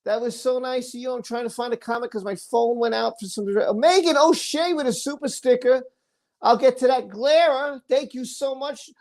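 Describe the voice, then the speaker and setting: A woman's voice: a little high, normal speed, darkish tone. A woman hosting a casual livestream, effusively thanking viewers and tumbling over her words. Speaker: livestream host.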